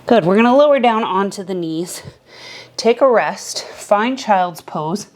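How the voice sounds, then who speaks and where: A yoga instructor with a mid-range voice leads a class slowly and calmly, cueing each step with breath counts. At times she sounds a little out of breath.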